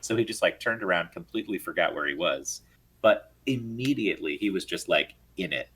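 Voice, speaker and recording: A man's voice: low-pitched, a little fast, husky. A man co-hosting a live gaming stream, chatting casually and drifting into tangents. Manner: rambling storyteller, lively and tangential. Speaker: podcast co-host.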